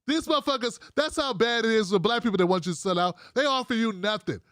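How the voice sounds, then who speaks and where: High-voiced profane ranting man. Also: fast talker, a bit bright, dry recording, clean studio sound. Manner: profane, sarcastic, acts out mocking quotes. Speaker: political commentary host. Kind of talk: casual ranting commentary.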